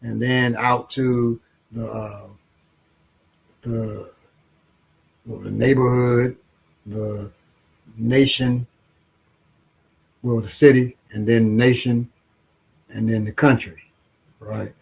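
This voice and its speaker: A man, an author, answering interview questions slowly and thoughtfully, often repeating words as he thinks, with a husky voice. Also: mid-range voice, little pitch movement. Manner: acts out quoted voices in playful anecdotes.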